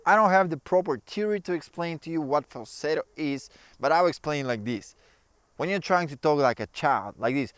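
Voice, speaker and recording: Chatty man with a smooth voice. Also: a little high, normal speed, no room sound. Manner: relaxed, chatty, non-native phrasing. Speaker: ukulele teacher. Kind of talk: casual tutorial explaining.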